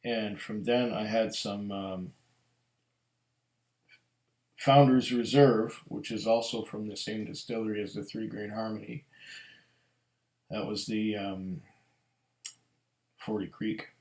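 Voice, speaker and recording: A middle-aged man talks through a whiskey tasting at an unhurried crawl, his voice sitting a little low. He muses aloud and drifts into stories between sips. His voice bounces around a roomy, echoing space. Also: steady tone, a little mellow. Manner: slow, musing, storytelling. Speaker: whiskey reviewer. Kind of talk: casual tasting review. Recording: echoey room.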